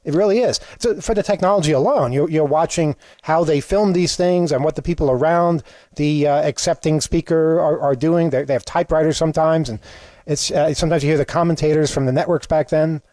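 A man's voice: on the high side, fairly quick, warm tone, no echo. A man hosting a show, chatting casually in a playfully indignant, rambling way. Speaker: show host. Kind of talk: casual comedic chat.

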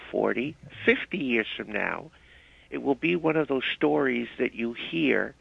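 A man's voice: medium pitch, gravelly, husky, no room sound. A man calling in to a radio talk show, chatting and telling a story. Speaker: caller. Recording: dull dry phone line.

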